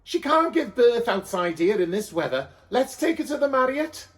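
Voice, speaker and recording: A chirpy, camp donkey handler chats away in a bright, high voice, as a man puts him on. He is chummy and folksy and calls strangers love. It is a cheeky comic storybook character. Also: very animated, moderate pace.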